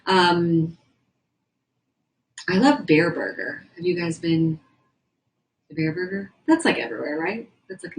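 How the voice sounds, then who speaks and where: A young woman hosts a casual livestream from indoors, with a voice sitting slightly low for a woman. She rambles in a chatty way and reads her viewers' comments aloud as she goes. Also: rough recording. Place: indoors at a house.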